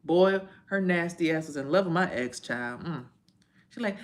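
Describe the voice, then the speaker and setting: A woman's voice: on the low side, lively intonation, moderate pace. A woman hosting a casual livestream as a tarot reader. She talks in a loose, rambling and profane way, full of slang and side remarks to viewers.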